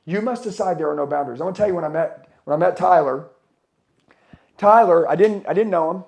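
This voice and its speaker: A middle-aged man with a slightly high, gravelly voice preaches hustle and mindset to a conference crowd. He is blunt and fired-up, swears freely, and keeps throwing questions at the listeners. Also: quick pace, darkish tone. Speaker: motivational speaker. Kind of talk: profane motivational speech to a live audience. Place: conference hall with a live audience.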